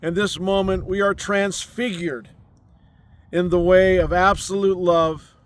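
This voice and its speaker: A man delivers an inspirational spiritual message outdoors on a mountain. His voice sits high and he speaks very slowly. He leans on gentle, repeated affirmations. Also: steady tone, dry recording. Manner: slow, soothing, repetitive affirmations. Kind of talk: inspirational sermon. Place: outdoors on a mountain overlooking a city.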